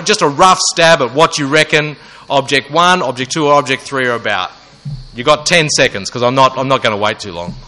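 A man's voice: a little high, bright, forceful tone, poor audio. A young man giving a joking talk to a student audience, self-mocking and asking the crowd questions. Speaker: student ministry speaker.

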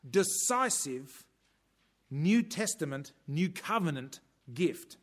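Slightly high-voiced man preaching. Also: expressive, a bit bright. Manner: measured, emphatic delivery with dry humorous asides. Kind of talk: sermon.

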